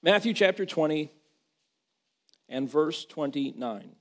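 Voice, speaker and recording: A man's voice: on the high side, expressive, slow pace. A man preaching a sermon, reading scripture aloud and repeating words as he builds to impassioned, rising emphasis.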